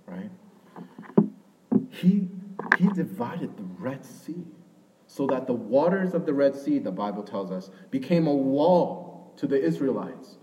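A young man preaching a sermon in a conversational way, rising to loud emphasis and dropping to hushed asides, with a habit of asking "right?". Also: mid-range voice, big pitch swings, slow, long pauses, very noisy. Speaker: pastor.

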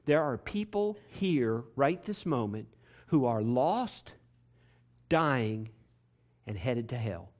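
A pastor preaching a sermon to his congregation in a church, repeating phrases and building to loud, emphatic peaks. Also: mid-range voice, animated, slow pace. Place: church sanctuary.

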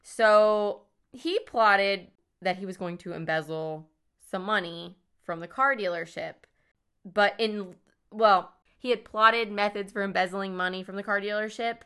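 A woman co-hosting a podcast with a bright, clear voice. She recounts a crime story in a loose, chatty way, swearing and cracking jokes as she goes. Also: mid-range voice, measured pace. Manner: swearing, joking, playful mock voices. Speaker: podcast co-host. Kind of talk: casual true-crime storytelling.

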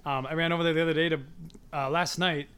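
A man's voice: fairly high pitch, flat delivery, quick pace, a bit bright, clear, resonant tone. A man co-hosting a podcast, telling stories in casual chat, cursing often and breaking into laughs. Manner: profane, laughing storyteller who acts out other people. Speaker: podcast co-host.

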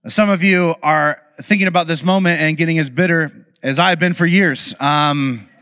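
A man giving a conversational storytelling talk to an audience, animated and humorous, with confiding asides. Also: a little high, moderate pace. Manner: animated, acts out quoted dialogue. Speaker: speaker addressing an audience.

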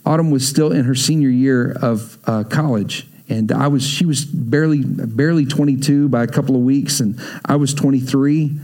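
A man's voice: mid-range voice, moderate pace, hardly any pauses, mellow. A middle-aged man, preaching a sermon as a pastor, telling stories with playful acted asides and sound effects.

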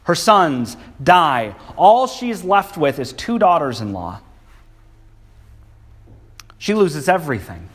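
A man's voice: a little high, very animated, takes it slowly, pauses often, fairly bright tone. A male preacher giving a sermon, speaking emphatically and reading scripture with feeling. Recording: long hall reverb.

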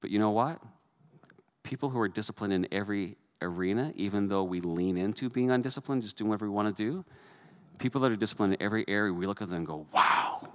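Lower-voiced man preaching a sermon. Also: quick pace, darkish tone. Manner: conversational preaching, rising to emphatic peaks. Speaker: pastor.

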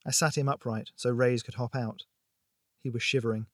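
A man reading a tense story aloud with steady, expressive delivery at a mid pitch. The recording is dry and close, with no room echo at all. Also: moderate pace. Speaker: narrator. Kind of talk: audiobook narration.

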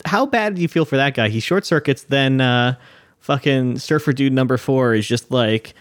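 A man's voice: mid-range voice, normal speed, no room sound, studio quality. A man co-hosting a casual chat, laughing often and swearing freely. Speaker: podcast co-host.

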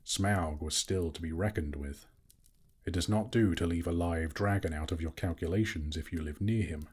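A man narrating a fantasy story aloud in a slow, measured, dramatic reading. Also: low-pitched, a little mellow, slightly rough. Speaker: audiobook narrator.

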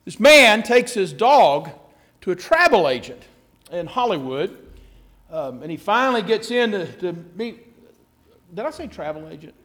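A man's voice: sits high, sing-song, a little slow, fairly bright tone. A man pastor giving a conversational sermon, telling a joke with self-deprecating asides.

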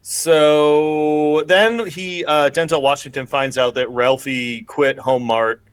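A man's voice: on the high side, fairly even intonation, clean tone, no room sound. A man hosting a podcast who recaps a film in casual, rambling chat full of "like". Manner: rambling, heavy on "like", quick bursts. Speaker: podcast host.

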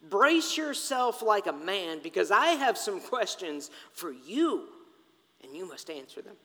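A man voicing God as a stern deity who questions a mortal, slow and grave, in a large reverberant hall. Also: high-pitched, sing-song, sharp tone, heavily acted.

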